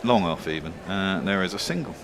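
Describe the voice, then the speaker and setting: A man's voice: low-pitched, animated, fairly quick, a crowd in the background. A man commentating on cricket ball by ball, trading dry, joking banter with his co-hosts.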